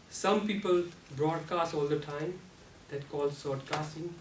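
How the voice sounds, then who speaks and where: The topic of this prepared club speech is using the voice, and the man gives it slowly and deliberately, with non-native grammar and mostly even intonation. At times he abruptly raises pitch and loudness to illustrate. Faint noise and echo fill the meeting room, as the mic is distant.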